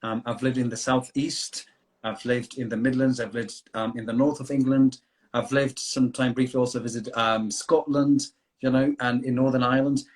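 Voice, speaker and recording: A man's voice: mid-range voice, level tone, normal speed. A man whose first language is Kurdish, an English teacher talking in a rambling, friendly way on a live video call. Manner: rambling, filler-heavy, friendly advice-giving. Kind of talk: live online chat.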